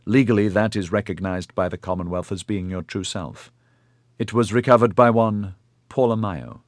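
A man playing a measured, formal clinic official. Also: fairly low pitch, no echo, clean studio sound, close to an everyday voice. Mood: explaining. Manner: measured and polite, with hesitant fillers.

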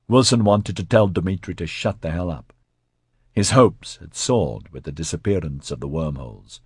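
A man reading a science fiction audiobook in a measured, even narration. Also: deep voice, husky, no room sound, clean studio sound. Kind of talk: scripted narration.

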